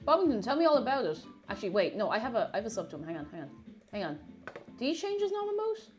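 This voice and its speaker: A woman's voice: on the high side, sing-song, racing. A young woman chatting casually on a live stream, reading chat aloud and talking with her mouth full. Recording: faint music behind.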